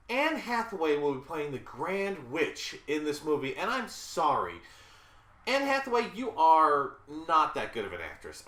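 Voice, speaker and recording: A reviewer in their thirties from the Southern United States gives a blunt, casual movie rant, sounding exasperated and apologizing repeatedly between complaints. The voice is medium-pitched and a bit bright, recorded in a room with noticeable echo.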